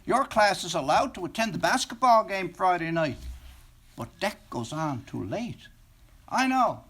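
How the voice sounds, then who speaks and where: A man voicing a bossy high-school girl, the student president and head cheerleader, in a storybook reading. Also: sing-song, a bit bright, slightly rough, full character voice. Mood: chirpy. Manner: brisk, commanding, a little pleased with herself.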